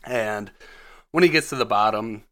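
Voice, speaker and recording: A podcast host recaps a film in a laid-back way, telling the story casually and swearing a lot. His voice is on the low side, bright and forceful, at a moderate pace.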